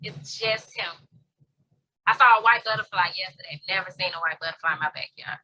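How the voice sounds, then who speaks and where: Bright-voiced woman in casual chat. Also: lowish voice, fairly quick, low-quality recording. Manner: laughing, chatty, swears casually. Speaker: tarot reader co-host. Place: home near an airport.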